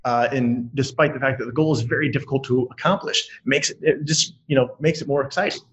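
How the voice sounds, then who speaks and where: A man's voice: mid-range voice, fast, rough recording. Rambling, laughing male podcast co-host. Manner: animated, rambling, laughs often. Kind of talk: casual podcast banter.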